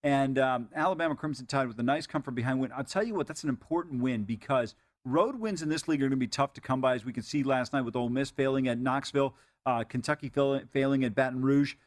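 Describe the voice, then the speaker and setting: A man co-hosting a sports betting show, talking rapidly and with strong opinions in casual chat. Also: medium pitch, no echo.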